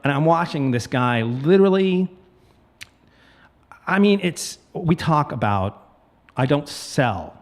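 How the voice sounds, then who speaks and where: A man's voice: fairly high pitch, expressive, slow pace, long pauses. A man hosting a real estate podcast, telling a long story in a rambling, self-correcting way that turns heated as he rants. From United States. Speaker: podcast host, realtor. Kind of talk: casual ranting podcast talk.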